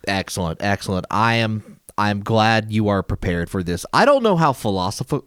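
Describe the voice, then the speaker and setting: A man's voice: fairly low pitch, lively intonation, normal speed, a bit bright, clean tone, dry recording, studio quality. A man hosting a casual podcast, rambling and stumbling over words. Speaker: podcast host.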